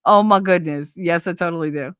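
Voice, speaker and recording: A middle-aged woman talks straight to her live-stream viewers in a slightly low voice, recorded close and dry with no room around it. She is blunt, profane and sarcastic, answering comments as they come in and laughing often. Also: a little fast, clear, resonant tone, no room sound.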